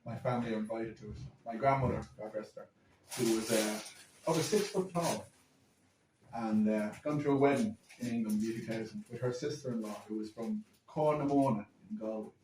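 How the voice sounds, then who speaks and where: A man's voice: fairly low pitch, darkish tone, a little hiss or hum. A young Irish man on a podcast, spinning a comic family anecdote with dramatic asides. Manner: rapid, dramatic storytelling with asides. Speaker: guest storyteller. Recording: roomy, distant phone recording.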